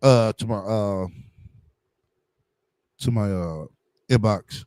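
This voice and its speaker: A man's voice: lowish voice, slow, darkish tone, clean tone, no room sound. A man giving blunt, profane livestream commentary, heavy on slang and fillers. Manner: blunt, combative, heavy on slang and "you know what I'm saying".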